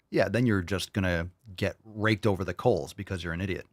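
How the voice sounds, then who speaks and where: A man's voice: lowish voice, brisk, few pauses, no room sound, clean studio sound. A man hosting a podcast, reacting to clips with crude, combative, profanity-laced rants. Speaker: podcast host.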